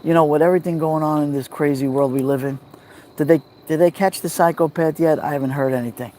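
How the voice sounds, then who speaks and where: A man with a New York accent hosting a relaxed livestream from a backyard fire pit at night, greeting viewers by name on a phone. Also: a little high, quick pace, slight background noise. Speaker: livestream host. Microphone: phone held near the fire.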